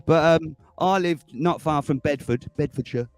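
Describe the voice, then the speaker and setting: A man in his forties hosting a casual livestream chat, chatty and excitable, laughing often. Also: on the high side, measured pace, faint music behind. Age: 40s. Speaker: livestream host.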